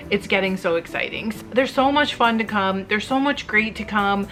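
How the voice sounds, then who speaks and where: A middle-aged woman who makes fiber arts videos, chatting candidly and emotionally with viewers while she spins, rambling with quick asides and a slightly teary edge. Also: mid-range voice, fairly bright tone, soft background music. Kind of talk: casual chat to viewers while spinning.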